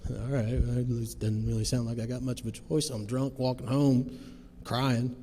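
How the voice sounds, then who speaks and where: Telling his story to a recovery group, a man in his thirties speaks in a warm, level, mid-range voice without hurrying. His testimony is earnest and plain-spoken, with folksy phrasing, and the recording carries long hall reverb and faint noise.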